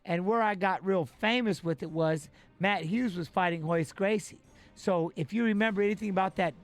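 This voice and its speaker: A man in his forties telling a long story in a casual, animated, profane way, acting out what others said. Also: sits high, moderate pace, faint music behind. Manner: animated, profane, acts out quoted voices. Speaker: retired fighter telling a story.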